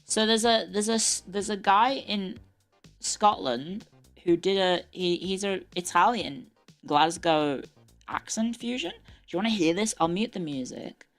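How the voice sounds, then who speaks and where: A woman's voice: mid-range voice, unhurried, faint music behind. A young adult woman streamer chatting casually, swearing and laughing often. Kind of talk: casual live-stream chat. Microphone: desk mic with earbuds.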